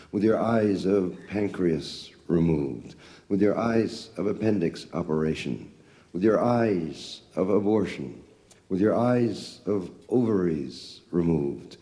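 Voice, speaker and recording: A man giving a poetry reading, intoning a long litany in a measured, solemn way. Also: deep voice, dark tone. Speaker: poet.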